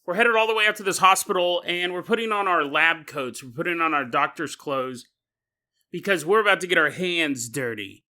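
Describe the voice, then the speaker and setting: Bright-voiced jokey podcast host. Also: male voice, fairly high pitch, animated, moderate pace. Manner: jokey, laughs often. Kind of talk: comedic storytelling monologue.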